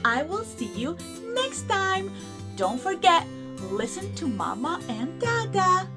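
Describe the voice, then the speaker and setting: Very high-voiced, sing-song children's host. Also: female voice, big pitch swings, over music. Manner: slow, exaggerated, sing-song encouragement. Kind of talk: teaching toddlers through play.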